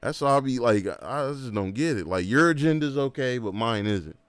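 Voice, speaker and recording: A man's voice: mid-range voice, a little fast, clear, resonant tone, no room sound. Emphatic man ranting casually on stream. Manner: animated, emphatic ranting with slang. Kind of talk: casual livestream chat.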